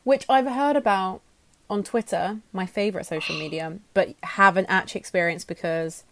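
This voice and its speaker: A woman's voice: mid-range voice, moderate pace, fairly bright tone, dry recording. A woman co-hosting a podcast, bantering casually with dry humour. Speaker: podcast co-host.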